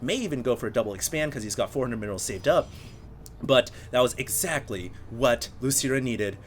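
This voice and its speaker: A man casting a video game replay on his own, energetic play-by-play with excited bursts at big plays and chatty asides to his viewers. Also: mid-range voice, fairly quick, slight background noise. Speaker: esports caster.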